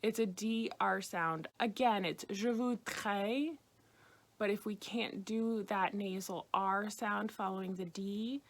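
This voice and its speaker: An American woman teaching beginners a language lesson, patiently repeating phrases slowly. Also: medium pitch. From United States. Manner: patient, slow repetition of phrases. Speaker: French teacher.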